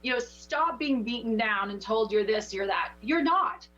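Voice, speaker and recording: A woman with a fairly high voice coaches someone through a card reading, talking with passion and a preacher's push. The sound is dull and lo-fi, like local TV audio. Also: animated, normal speed, a bit bright, faint music behind. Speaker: spiritual teacher giving oracle card readings. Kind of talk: intuitive coaching chat.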